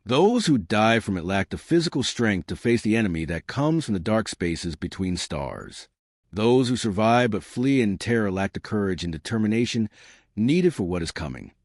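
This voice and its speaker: A man voicing a giant, solemn male crystal alien leader who speaks in a slow, grave, formal way. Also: big pitch swings, no room sound, studio quality. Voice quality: deep hushed voice. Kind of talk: audiobook narration.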